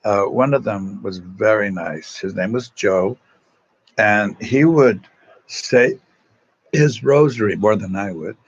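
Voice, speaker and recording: A man's voice: on the low side, slow, lo-fi sound. A man from East Los Angeles, a Salesian religious brother, telling self-mocking stories and greeting viewers on a livestream from a phone propped at an angle. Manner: chatty, self-mocking, reads out viewer comments. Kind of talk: casual storytelling to online viewers.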